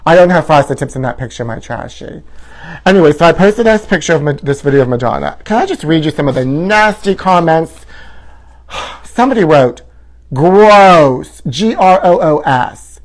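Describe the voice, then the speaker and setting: A man's voice: on the high side, animated, normal speed. A man hosting a comedy show, delivering a campy, sassy and theatrical tabloid gossip monologue.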